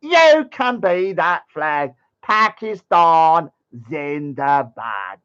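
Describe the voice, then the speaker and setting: A man's voice: on the high side, very animated, extremely slow, a bit bright, clear, resonant tone, muffled recording, voice pushed down, exaggerated voice. A man voicing a boastful, taunting young man in a sing-song mocking voice.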